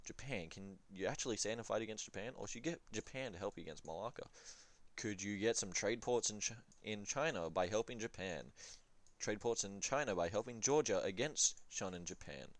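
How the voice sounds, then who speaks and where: Young man, lowish voice, dry close mic, casual swearing game commentary, rambling with ums. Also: lively intonation, fairly quick, no echo. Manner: profane, joking, trails off with ums. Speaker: strategy game player giving advice.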